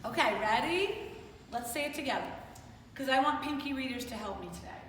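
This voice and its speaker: A woman's voice: high voice, expressive, fairly quick, a bit bright, a little hiss or hum. A woman teaching young children in an online class in an upbeat, coaxing, sing-song manner. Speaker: kindergarten teacher. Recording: roomy echo, distant mic, faint ambience.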